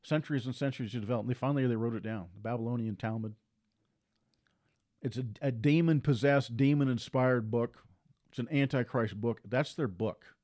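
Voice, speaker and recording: A man preaching a sermon with forceful repetition, his voice climbing higher and louder as he presses his points. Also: fairly quick.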